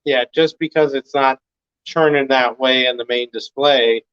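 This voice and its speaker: A man on a video call, giving relaxed, reassuring advice in a casual chat. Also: medium pitch, a little slow, clear, resonant tone, dry recording. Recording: dull dry video-call audio.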